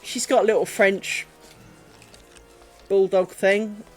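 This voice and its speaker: A woman streaming while she crafts at home, chatting in a rambling way and dropping to a soft, low voice when she talks to her dogs. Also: steady tone, takes it slowly, soft background music. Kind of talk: casual chat while crafting.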